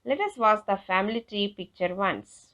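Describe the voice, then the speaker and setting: Indian English woman teacher, slow and instructive, bright lively pitch, dull lo-fi sound. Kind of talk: classroom lesson explanation. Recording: dull lo-fi recording.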